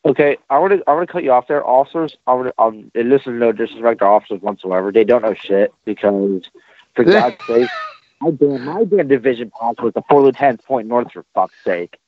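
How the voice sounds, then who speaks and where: A man hosting a casual podcast, telling crude, animated military stories. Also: mid-range voice, a little fast. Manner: profane, animated anecdote telling. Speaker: podcast host, military veteran. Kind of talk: casual storytelling chat. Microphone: online call. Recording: dry, tinny phone-like call audio.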